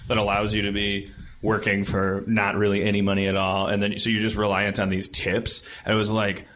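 A man hosting a comedy podcast, chatting casually with halting, stammering restarts. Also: fairly low pitch, monotone, a bit bright. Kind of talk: casual chat.

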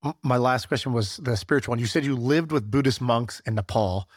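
A man's voice: mid-range voice, brisk, no room sound, studio quality. A man hosting a podcast, asking an interview guest questions in a loose, conversational way. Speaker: podcast host.

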